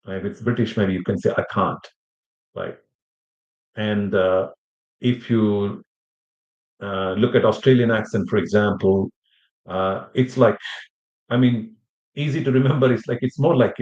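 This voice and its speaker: A man's voice: fairly low pitch, moderate pace, long pauses, a little mellow. A man giving a classroom lecture, rambling with many fillers and restarts and checking in with his students. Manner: addresses students with questions. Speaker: language teacher. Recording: echoey room, muffled sound.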